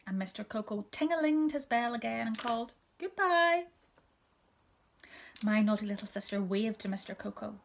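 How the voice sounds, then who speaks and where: Gravelly woman reading a children's story. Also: mid-range voice, fairly quick, few pauses. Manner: soft and gentle, often dropping to a whisper.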